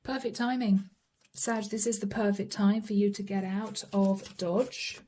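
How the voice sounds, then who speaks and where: A woman's voice: mid-range voice, steady tone, unhurried, dark tone. A woman giving a channeled tarot reading to her viewers, chatty and dramatic, acting out little quotes as she lays down the cards. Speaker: tarot reader.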